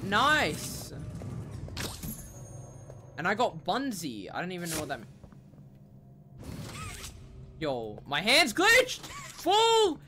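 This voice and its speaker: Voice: mid-range voice, very animated, slow pace, pauses often, sharp tone, a little hiss or hum. A young streamer playing a horror game, talking in a panicky, slangy way with shrieks and dramatic whining. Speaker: gaming streamer. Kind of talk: horror game let's play commentary.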